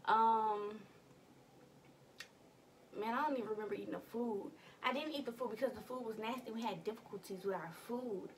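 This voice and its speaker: A young woman vlogging from her bedroom, telling a story in an animated, slangy way with some cussing. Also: fairly high pitch, moderate pace, distant mic, a little hiss or hum. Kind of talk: casual storytime vlog.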